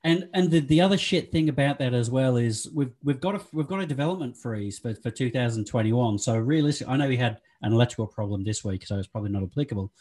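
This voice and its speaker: Husky man chatting casually. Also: mid-range voice, lively intonation, quick pace, few pauses, darkish tone. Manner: chatty, laughs often, trails into restarts. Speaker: podcast co-host. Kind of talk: casual chat.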